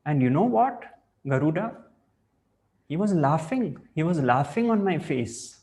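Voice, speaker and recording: A man's voice: fairly high pitch, sing-song, unhurried, darkish tone. A man voicing a frightened tortoise in a spoken parable, shaken after seeing death. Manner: shaken, fearful.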